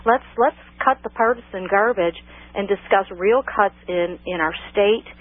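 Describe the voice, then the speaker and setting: A woman's voice: medium pitch, a little slow, no room sound. Blunt woman caller on a phone line. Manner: blunt, insistent. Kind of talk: call-in radio talk.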